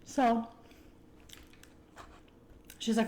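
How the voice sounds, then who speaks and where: A young woman vlogger casually telling a personal story while eating, animated and swearing freely. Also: medium pitch, moderate pace, long pauses, echoey room. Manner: animated, conversational, acts out quotes, swears freely.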